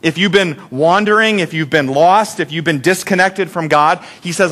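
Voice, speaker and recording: A middle-aged male pastor preaches in a church with a somewhat high voice. His delivery is relaxed and conversational, and he pokes fun at himself. He keeps asking the congregation questions to draw them in. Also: moderate pace, few pauses. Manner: conversational, self-deprecating, asks the congregation questions. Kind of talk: sermon. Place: church sanctuary.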